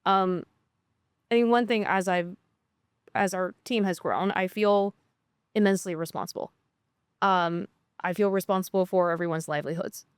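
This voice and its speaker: A woman's voice: lowish voice, fairly even intonation, normal speed, pauses often, smooth, dry recording, clean studio sound. A woman founder in casual conversation, talking earnestly and reflectively with frequent "um" fillers. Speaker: startup founder.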